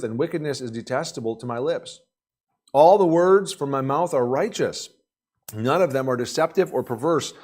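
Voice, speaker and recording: A man's voice: a little high, darkish tone, pitched above the performer's own voice. A man reading aloud the part of Wisdom, personified as a woman crying out to all people, in a raised, emphatic, proclaiming voice.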